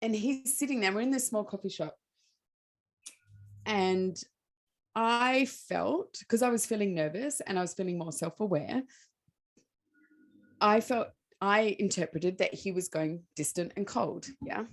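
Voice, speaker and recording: A woman, a podcast co-host and coach, telling a personal story in casual chat, animated and laughing often. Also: medium pitch, unhurried, pauses often.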